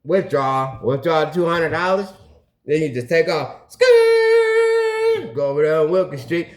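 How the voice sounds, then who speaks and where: A man hosting a recovery channel, telling a story to his camera in a casual, animated way, acting out phone calls and making sound effects, and saying "you know what I'm saying" again and again. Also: on the high side, moderate pace. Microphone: video camera.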